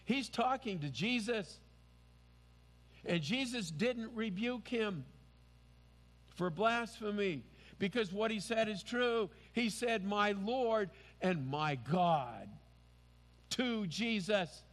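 Man, pastor preaching, slow and earnest, slightly high voice, long hall reverb. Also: fairly bright tone. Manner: earnest, emphatic preaching with rising exclamations. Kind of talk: sermon.

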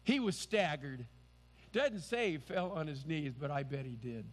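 A man's voice: fairly high pitch, expressive, moderate pace, in a large hall. A man preaching a sermon as pastor, earnest and emphatic.

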